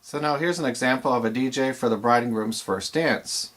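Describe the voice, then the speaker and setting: A man's voice: mid-range voice, fairly quick, a bit bright. A man teaching aspiring DJs in a plain, explanatory way with some fillers. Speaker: DJ instructor. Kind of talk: instructional video talk.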